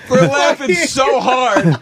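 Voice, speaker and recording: A man's voice: extremely high pitch, takes it slowly, a loud crowd. A man telling an anecdote on a radio talk show, acting out the people in it. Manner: animated, acts out voices in anecdotes. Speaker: comedian guest.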